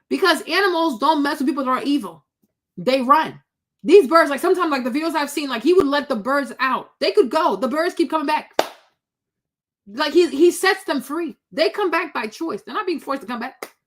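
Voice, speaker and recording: Woman, high-pitched, sassy, blunt, scolding, rhetorical questions, vlog commentary. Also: a bit bright. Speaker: commentary vlogger. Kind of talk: reaction commentary.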